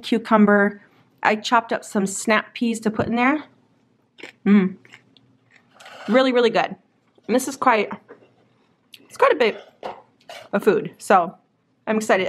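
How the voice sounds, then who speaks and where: A woman in her thirties chatting casually to the camera about her meals and errands, upbeat and full of fillers. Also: fairly high pitch. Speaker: lifestyle vlogger. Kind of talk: casual what-I-eat chat to camera. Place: in a parked car.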